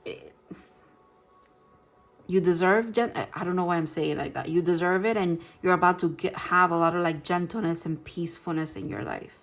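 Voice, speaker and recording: A woman giving a gentle, reassuring tarot reading, talking in loose, rambling sentences with restarts. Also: lowish voice, fairly even intonation, a little fast, creaky, few pauses, soft background music. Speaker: tarot reader. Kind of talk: pick-a-card tarot reading.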